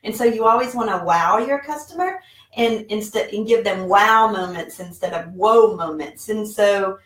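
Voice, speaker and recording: A woman's voice: mid-range voice, normal speed, recorded from a distance. A woman in her forties chatting casually in a vlog from her home office, rambling with many fillers. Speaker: online seller and vlogger. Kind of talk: casual talking-head vlog. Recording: roomy echo, mic set back.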